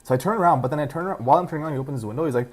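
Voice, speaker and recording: A man's voice: fairly high pitch, very fast. A young man co-hosting a podcast, rambling through a story in casual chat, full of "like". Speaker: podcast co-host.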